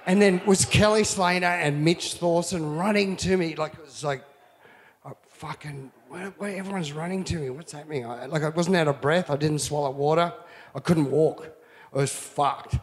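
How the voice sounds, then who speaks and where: A man's voice: on the high side, moderate pace, long reverb tail. A man telling a wild surf story in casual, profane talk, acting out what people said and laughing through it. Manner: profane, animated, laughing, acts out quotes.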